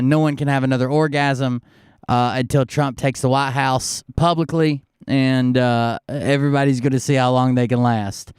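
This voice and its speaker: A man's voice: mid-range voice, clean tone, no echo, studio quality. A man hosting a live stream, rambling casually with lots of fillers and swearing, a little sick. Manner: loose, profane, filler-heavy. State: slightly sick. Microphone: close desk mic.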